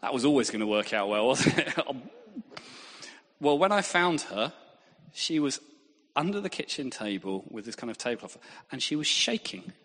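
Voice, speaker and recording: Husky preacher in a reverberant hall. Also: male voice, medium pitch, normal speed. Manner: lively, self-deprecating humour. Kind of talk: sermon with anecdotes.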